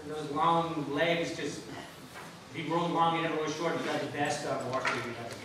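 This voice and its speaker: A man recalls a fellow rider at a memorial service, his slightly high voice halting and looping back on itself as he laughs through old stories. He sounds distant from the mic. A booming echo and steady background noise fill the room. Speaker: eulogist, former jockey. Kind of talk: anecdotal memorial speech. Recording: echoey hall, mic from far off, noisy.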